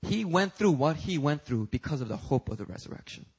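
A man's voice: on the high side, very animated, a little fast, a little mellow, husky. A man preaching a sermon as pastor at a church service, pressing his point with emphatic, rising rhetorical questions.

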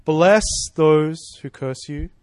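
A man's voice: a little high, slow pace, darkish tone, clear, resonant tone, no room sound. A man preaching a sermon in a casual, conversational way, asking rhetorical questions and checking in with "right?" and "you know".

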